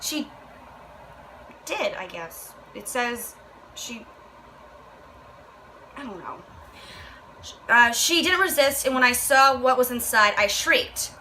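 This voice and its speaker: A woman's voice: a little high, animated, slow, pauses often, bright, forceful tone, slight background noise, rough recording. A young woman vlogger reading a book aloud and reacting with profane, exasperated commentary. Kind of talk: casual rant, reading aloud.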